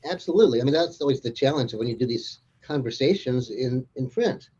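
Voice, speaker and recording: A man's voice: medium pitch, expressive, a little fast, mellow, husky, dull audio. A man as an interview guest, chatting casually and rambling through anecdotes with frequent chuckles. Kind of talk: casual conversation.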